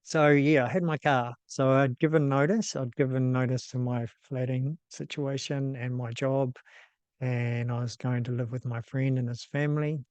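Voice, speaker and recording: Flat-voiced New Zealand man telling a story. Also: medium pitch, clean tone, no room sound. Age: 50s. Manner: casual and unhurried, with frequent ums and restarts. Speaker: host. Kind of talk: personal storytelling.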